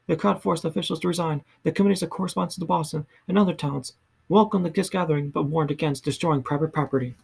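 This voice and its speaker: A man reading a history book aloud in a soft ASMR style, slow and halting, often stumbling and restarting words. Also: on the high side, vocal fry, breathy edge. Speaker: ASMR reader.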